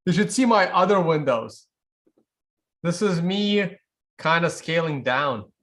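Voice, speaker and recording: A man's voice: a little high, animated, slow, a bit bright. A man from Russia hosting a livestream, answering viewer questions in a wry, offhand way and thinking aloud. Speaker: livestream host.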